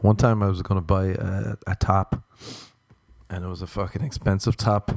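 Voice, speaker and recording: Young male podcast host, meandering jokey monologue, low and mellow. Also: little pitch movement, moderate pace, gravelly, no echo, studio quality. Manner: self-mocking, meandering, swears casually. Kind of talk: rambling comedic monologue.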